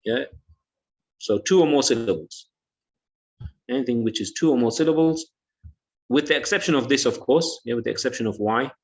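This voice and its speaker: A man's voice: mid-range voice, moderate pace, long pauses, a little mellow. A male English teacher giving an online lesson, patiently repeating words and saying "yeah" often.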